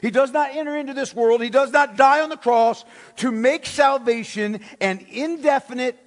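A man's voice: extremely high pitch, normal speed. A man preaching a sermon as pastor, emphatic, with rhetorical questions and words repeated for stress. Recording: long hall reverb.

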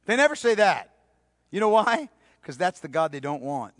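A man preaching a sermon, emphatic, repeating key phrases and dropping to a hushed voice for stress. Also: high voice, big pitch swings, moderate pace, no room sound, studio quality. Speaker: pastor.

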